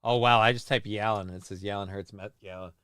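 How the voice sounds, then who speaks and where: A man's voice: lowish voice, steady tone, a little fast, clear, resonant tone, no echo, clean studio sound. A man co-hosting a casual live show, reading out chat comments and riffing on them in a jokey, rambling way. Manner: jokey, riffs loudly on viewer comments, rambling. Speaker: livestream co-host.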